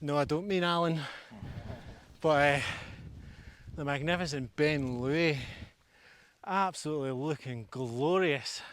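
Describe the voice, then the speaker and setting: A man's voice: fairly high pitch, measured pace, a bit bright. A Scottish man vlogging while climbing a steep mountain outdoors, out of breath and joking at his own expense. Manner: jokey, self-mocking while climbing. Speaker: hillwalking vlogger. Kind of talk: casual outdoor vlog chat. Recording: outdoor action camera with faint background noise.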